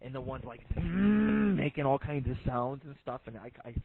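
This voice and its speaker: A man's voice: medium pitch, steady tone, quick pace, slight background noise. A man hosting an internet radio show, telling crude jokes in a rambling, profane monologue full of fillers. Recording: phone-like lo-fi line.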